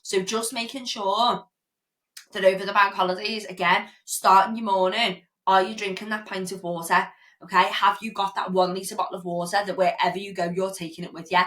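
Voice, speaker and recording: A woman's voice: medium pitch, fairly even intonation, brisk, fairly bright tone. British girl doing a fitness podcast, chatty and blunt, swears a bit, keeps saying okay?. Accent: British English. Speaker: podcast host, fitness coach. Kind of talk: casual podcast monologue.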